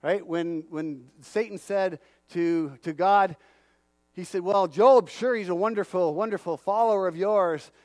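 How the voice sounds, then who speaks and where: A man preaching a sermon, animated and calling out to the congregation for responses. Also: high-pitched, measured pace, no echo.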